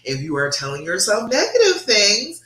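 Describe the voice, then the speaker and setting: A woman's voice: medium pitch, huge pitch swings, moderate pace, sharp tone. A woman, a relationship coach talking live to viewers, encouraging and checking in with "okay?". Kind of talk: live-stream coaching talk. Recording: echoey room.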